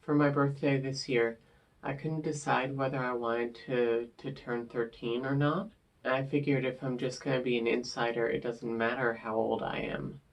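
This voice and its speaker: Guy in his 20s vlogging, creaky gravelly voice, mid pitch, lots of likes and ums. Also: little pitch movement, moderate pace. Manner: earnest, soft-spoken, with frequent "like" and "um" fillers. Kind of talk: casual personal vlog talk.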